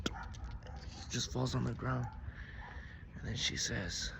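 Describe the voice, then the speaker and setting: A man telling an improvised story in a casual way, swinging between loud bursts and near-whispers. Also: mid-range voice, unhurried, vocal fry, pauses often. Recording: noisy background.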